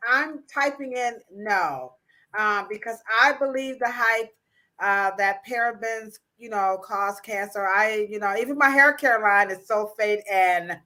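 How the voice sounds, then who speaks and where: A woman's voice: a little high, pushed and bright. A woman hosting a casual livestream chat, playful and teasing, with slangy mock-scolding asides. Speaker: livestream host.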